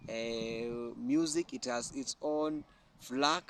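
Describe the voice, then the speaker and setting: A man's voice: mid-range voice, slow, a bit bright, slight background noise. A man giving earnest opinion commentary, explaining at length with repeated phrases and restarts. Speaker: YouTube commentator.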